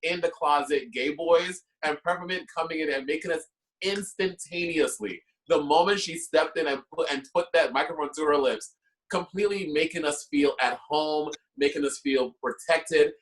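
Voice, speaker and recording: Drag performer (man), effusive and talkative panelist, slightly high pitch. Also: fairly bright tone, poor audio. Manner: effusive and chatty, gushing with feeling. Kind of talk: emotional panel storytelling.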